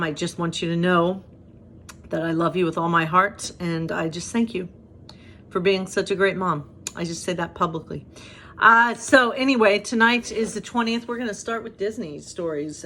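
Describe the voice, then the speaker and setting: A woman's voice: fairly low pitch, a bit bright, slight background noise. A woman pastor chatting with rambling asides, then reading a bedtime story aloud.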